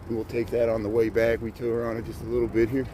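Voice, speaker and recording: A friendly, talkative man gives a live tour from his bike, pointing out sights as he goes. His voice sits at an ordinary middle pitch. Wind and traffic noise come through clearly around him outdoors. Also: monotone, fast, warm tone, rough recording. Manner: chatty, points out sights as he rides. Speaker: vlogger giving a livestreamed bike tour. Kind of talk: casual live tour commentary. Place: outdoors by a city lakefront harbor, riding a bike. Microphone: camera mounted on a bike. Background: wind noise from riding.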